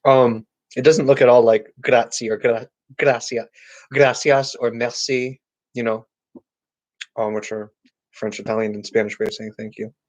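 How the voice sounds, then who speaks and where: A man answering viewer questions on a casual live stream, chatty and halting, with many restarts and repeated words. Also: medium pitch, little pitch movement, darkish tone, lo-fi sound. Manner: chatty, talks directly to chat viewers.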